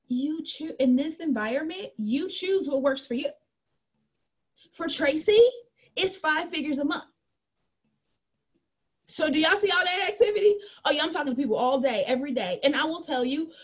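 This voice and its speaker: A woman coaching an online group about her business in a candid, animated way. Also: sits high. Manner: animated and candid, acts out chats in a bright girly voice. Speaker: network marketing coach.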